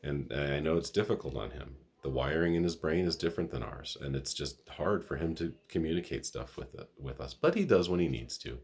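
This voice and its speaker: A man's voice: very deep voice, expressive, brisk, vocal fry, hardly any pauses, darkish tone, slightly rough. A middle-aged man hosting his own vlog, talking earnestly and rambling with restarts, a little sniffly. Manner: earnest, rambling, self-correcting. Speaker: vlog host. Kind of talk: casual monologue to camera.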